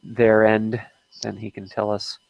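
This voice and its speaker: A man's voice: lowish voice, monotone, measured pace, creaky, dry recording, highs cut off. A man hosting an unplanned live stream, chatting casually and often stopping to restart his sentences.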